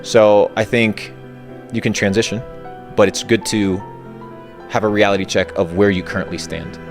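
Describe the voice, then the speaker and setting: A man's voice: fairly low pitch, steady tone, normal speed. A man giving motivational advice in blunt, short, declarative statements. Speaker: guest. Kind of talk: motivational talk. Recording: faint background music.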